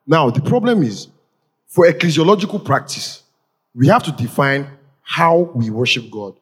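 A man in a lively church discussion, arguing animatedly and laughing as he talks. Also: a little high, moderate pace, breathy edge, big-room sound.

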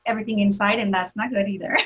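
A woman's voice: mid-range voice, fast talker, fairly bright tone, slightly rough, poor audio. A woman in her forties, a podcast guest, telling a painful personal story in an emotional, candid way with many restarts.

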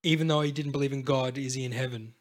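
A man's voice: medium pitch, fast talker. A man, telling long rambling stories in casual, profane chat. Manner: rambling, profane, animated storytelling. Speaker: podcast co-host.

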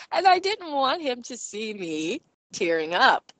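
A woman in her forties giving a personal faith testimony, earnest and halting as she searches for words, often laughing as she talks. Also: fairly high pitch, sing-song, fairly bright tone, no room sound. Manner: often breaks into laughter while speaking. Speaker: Christian speaker sharing a testimony.

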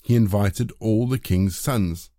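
A man reads scripture in measured, even narration. His voice is dark and mellow and sits somewhat low. The recording is dry, with no room sound. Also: no room sound. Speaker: scripture reader.

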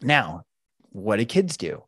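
A middle-aged man talks through parenting tools with a lively, swinging pitch, and his voice sits close and dry on the mic. He often slips into short acted lines as a parent or a child. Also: slow pace, slightly rough, dry recording. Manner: animated, acts out parents and kids in quoted voices. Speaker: parenting coach guest. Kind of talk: podcast interview explaining parenting techniques.

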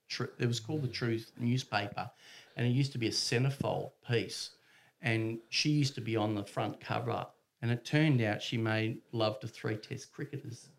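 A man spins a rambling, funny anecdote in a mid-pitched voice. He rises and falls in loudness as he acts out other people, and laughs into his own sentences. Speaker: storyteller. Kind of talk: casual anecdote.

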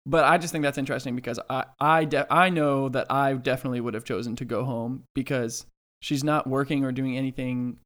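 A man's voice: medium pitch, steady tone, fairly quick, hardly any pauses, fairly bright tone. A man co-hosting a podcast in casual chat, rambling and hesitant, with lots of restarts and dry sarcastic asides. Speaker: podcast co-host.

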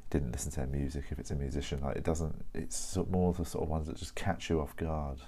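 Very deep-voiced chatty man. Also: steady tone, fairly quick, mellow, husky. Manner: rambling, chatty, self-correcting. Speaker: podcast host. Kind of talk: casual solo chat. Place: at his desk.

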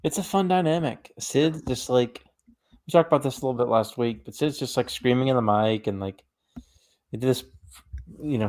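A man co-hosting a podcast in casual chat, rambling with lots of "like" and restarts. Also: mid-range voice. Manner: rambling, many likes and restarts. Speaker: podcast co-host.

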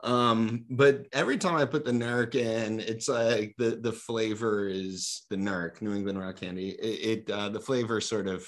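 A man in a casual group chat on a video call, talking in an animated, excitable way. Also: fairly low pitch, unhurried, few pauses.

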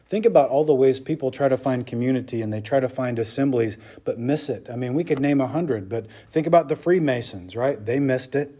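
Mellow-voiced man preaching a sermon. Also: mid-range voice, fairly quick, few pauses, slightly rough. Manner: emphatic preaching, frequent "okay?" and "right?" checks. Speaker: pastor.

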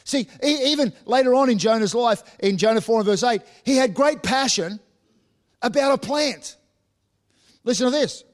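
A man's voice: very high voice, moderate pace. A man preaching a sermon as a pastor, often repeating words as he restarts and acting out the voices of Bible figures.

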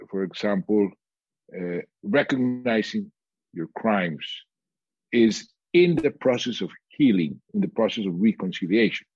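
Slow, husky-voiced man. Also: on the low side, darkish tone, dry recording, muffled recording. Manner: measured, with frequent pauses and restarts. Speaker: guest speaker on peace and reconciliation. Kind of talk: slow, deliberate storytelling.

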